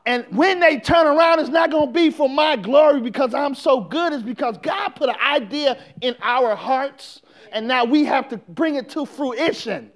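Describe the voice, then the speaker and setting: A man. He works in call-and-response, swinging from quiet talk to full shouts. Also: very high-pitched, animated, normal speed, hardly any pauses. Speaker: pastor. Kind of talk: sermon.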